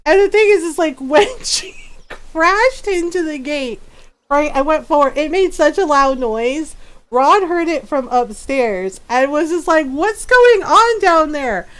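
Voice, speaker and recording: High-voiced woman streamer, unhurried and giggly. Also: lively intonation. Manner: rambling storytelling, laughing often. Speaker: game streamer. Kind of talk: casual chat while gaming.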